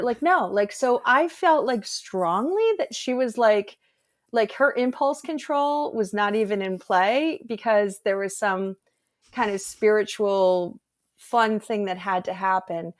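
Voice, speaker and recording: A woman, guest and energy healer, telling a personal story in an animated, earnest way on a video call. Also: fairly high pitch, a little slow, dry recording, clean studio sound. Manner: animated, earnest, rambling with fillers. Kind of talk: casual storytelling conversation.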